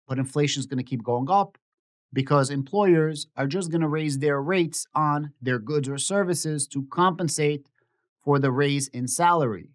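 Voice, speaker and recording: A man hosting his own finance channel, giving casual market commentary in an explanatory, opinionated way and often repeating that he predicted things. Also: a little high. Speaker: stock market YouTuber.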